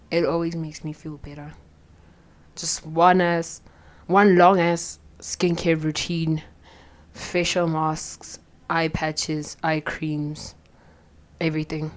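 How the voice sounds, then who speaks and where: A young woman, talking bluntly and profanely in a rambling confessional vlog, her voice a little shaky with anxiety. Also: low-pitched. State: anxious, voice shaky. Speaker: vlogger.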